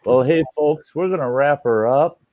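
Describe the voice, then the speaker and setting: A man's voice: a little high, normal speed, no echo. A man hosting a late-night live stream. He tells stories in casual chat, laughs often and swears freely. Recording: dull lo-fi stream audio.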